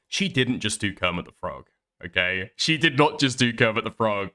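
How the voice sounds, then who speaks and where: A man's voice: mid-range voice, sing-song, moderate pace, bright, forceful tone. A man hosting a commentary stream, rambling and swearing with laughing asides. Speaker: streamer host.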